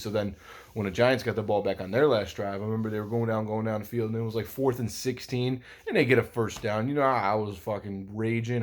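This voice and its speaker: A man's voice: fairly low pitch, steady tone, a little fast. A young man recapping a football game in a rambling, casual vlog, swearing a lot and using many fillers. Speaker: sports vlogger.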